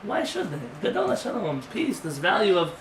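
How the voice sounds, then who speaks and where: A man's voice: high-pitched, wildly swooping pitch, fairly quick. A man, a rabbi, teaching an informal class in a conversational, emphatic way, often asking rhetorical questions. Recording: roomy sound from a distant mic with faint noise.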